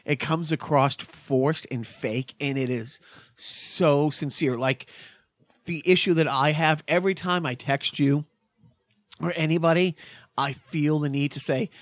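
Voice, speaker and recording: A man with a slightly high voice chats loosely on a podcast, full of sarcasm and restarts. The sound is dry and close, with no room echo. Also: fairly even intonation, a little slow. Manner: rambling, sarcastic, trails off and restarts. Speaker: podcast co-host. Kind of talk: casual chat.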